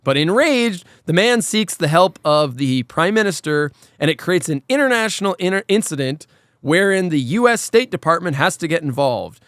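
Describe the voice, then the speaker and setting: A man on a casual podcast who rants with animation and swears freely. His voice sits somewhat high for a man, and the recording is close and dry. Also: moderate pace, smooth, dry recording. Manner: animated, ranting, profane. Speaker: podcast host. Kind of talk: casual chat.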